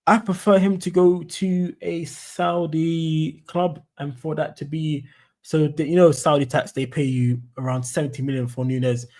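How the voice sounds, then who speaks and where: Casual london guy streaming, rambly, says mate a lot, dark mellow voice. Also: a little high, little pitch movement, normal speed. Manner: chatty, rambling, says "mate" and "you know what I'm saying". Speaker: football fan streamer. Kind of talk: casual live-stream commentary.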